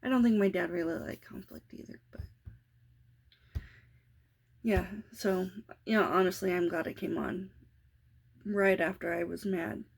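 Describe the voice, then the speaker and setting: Husky, gravelly mom rambling to camera. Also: female voice, fairly low pitch, fairly even intonation, unhurried, long pauses. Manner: rambling, self-reflective, many restarts. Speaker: parenting vlogger. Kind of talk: casual confessional vlog.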